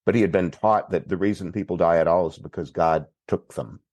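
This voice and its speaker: A man from Texas, a priest guest on a podcast, telling a story in an unhurried, plainspoken way. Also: sits low, a little mellow, no echo. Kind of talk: recounting a story in conversation.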